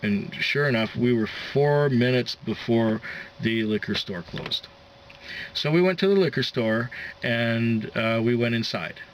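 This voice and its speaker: A man's voice: mid-range voice, measured pace, highs cut off, a little hiss or hum. A man who drives a taxi, telling a story in a casual vlog, rambling with lots of fillers and restarts.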